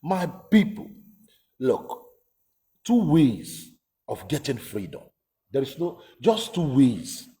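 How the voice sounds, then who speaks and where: A man's voice: medium pitch, big pitch swings, slow, pauses often, warm tone. A man giving emphatic, casual political commentary, repeating himself and asking rhetorical questions.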